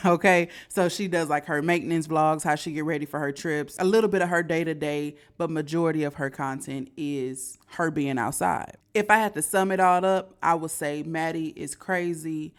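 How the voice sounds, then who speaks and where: A woman's voice: deep voice, normal speed, few pauses, a bit bright. Chatty woman hosting a reaction video. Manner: chatty, keeps asking the viewers "okay?". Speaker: host. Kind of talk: casual reaction commentary.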